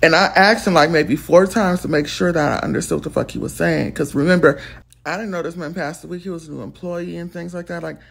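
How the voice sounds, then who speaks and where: A woman telling a storytime, blunt, profane and animated. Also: fairly low pitch, fast talker. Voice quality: gravelly and husky. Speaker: storytime vlogger. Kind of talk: casual storytelling.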